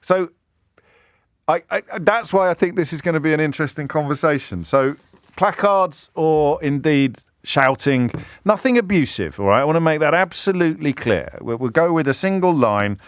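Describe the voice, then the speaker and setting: A middle-aged man hosting a radio phone-in, talking in a lively, self-interrupting way and slipping into mimicked heckler voices. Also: on the high side, normal speed, no room sound. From England. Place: radio studio. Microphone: studio microphone.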